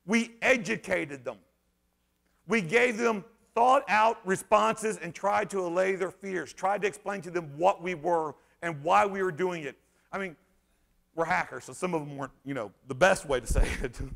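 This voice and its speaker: A man giving an animated conference talk, sarcastic and emphatic, rambling through restarts and breaking into shouts. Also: high-pitched, vocal fry. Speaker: conference speaker. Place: conference hall stage.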